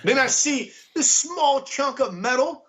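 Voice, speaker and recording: A man telling a story in casual chat, excitable, swearing and laughing as he goes. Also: extremely high pitch, unhurried. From United States. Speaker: guest.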